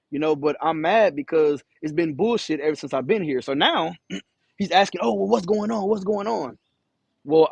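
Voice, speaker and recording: A man's voice: fairly high pitch, slightly rough, dry recording. A man who drives a truck, telling a rambling, profane story to camera, stuttering and repeating himself. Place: in his truck.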